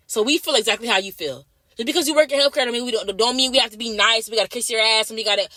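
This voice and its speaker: A young woman nurse rants fast in a vlog, blunt and full of swearing. Her voice is bright and sharp, and she repeats lines over and over. The sound is dry and close. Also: a little high, no room sound. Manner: blunt, repetitive, heavy swearing. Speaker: night-shift nurse. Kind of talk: profane ranting vlog.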